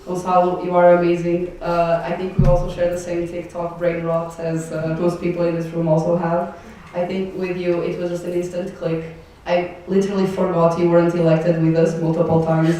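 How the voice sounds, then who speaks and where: In a mellow, fairly low voice at normal speed, a young native Portuguese woman speaks almost without pausing and with no pitch variation at all. As the departing board member, she offers an emotional, meandering farewell, laughing as she thanks people. Sound comes from a distant mic in a big, echoing hall with slight noise.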